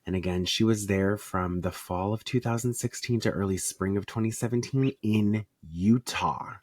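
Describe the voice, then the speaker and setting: A man's voice: on the low side, normal speed, a little mellow, dry recording. A man from Arizona co-hosting a podcast in casual chat, sarcastic and profane, cracking jokes as he reads through a story. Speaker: podcast co-host.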